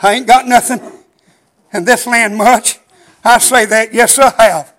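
An older man preaching a chanted sermon in a rhythmic, drawn-out cadence, out of breath and wheezy. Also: very high voice, fairly even intonation, a bit bright, poor audio.

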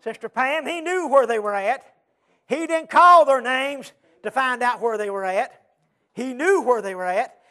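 A preacher, half-singing his sermon in rising, rhythmic bursts. He strings lines together with breathy "uh"s and repeated refrains, his voice climbing into a tuneful cry and dropping back. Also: very high-pitched, unhurried, sharp tone. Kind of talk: chanted sermon.

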